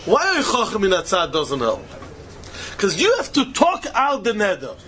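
A man delivers a Talmud lecture in a strikingly high voice. He repeats his points with insistent emphasis and chuckles as he works through the argument. A faint hiss sits under the recording. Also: wildly swooping pitch, moderate pace, pushed and bright. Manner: emphatic and repetitive, chuckling while explaining. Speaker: Talmud teacher.

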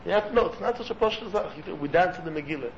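A rapid-fire religious teacher delivers an animated sermon-like talk to listeners in a room, sprinkling in Hebrew and Yiddish and performing quoted lines with sudden pitch shifts. Faint room noise sits under a muffled recording.

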